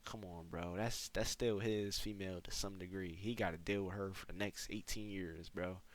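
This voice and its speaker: A man's voice: low voice, fairly even intonation, normal speed. A young man telling a casual storytime to his viewers in a slangy, laid-back way, saying "bro" again and again. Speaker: gaming storyteller.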